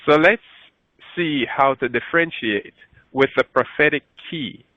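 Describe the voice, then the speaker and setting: A man's voice: a little slow, no echo. A man teaching a Bible lesson from slides, lifting his voice when he reads scripture aloud and stopping to correct himself. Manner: rises in pitch when reading scripture aloud, self-correcting. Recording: dry, phone-like narrow sound.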